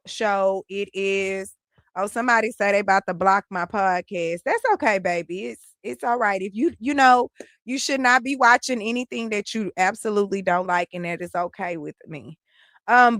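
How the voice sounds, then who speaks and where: A woman hosting a live podcast stream, chatting with callers and reading the comments in a relaxed way. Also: a little high, dry recording, clean studio sound. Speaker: podcast host.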